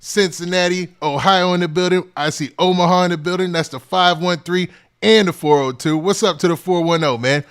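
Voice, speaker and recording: A man hosting a hip-hop news livestream. He talks in a relaxed, casual way and keeps saying "man" and "what's up". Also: high-pitched, a little fast, clean tone. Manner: laid-back, repeats "man" and "what's up" often. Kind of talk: casual livestream shout-outs.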